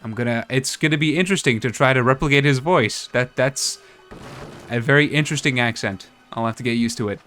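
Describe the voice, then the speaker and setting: A man's voice: mid-range voice, fairly quick, a bit bright, soft background music. A man streaming a game as a VTuber, chatting casually with a hesitant, musing delivery full of restarts. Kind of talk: casual let's-play commentary.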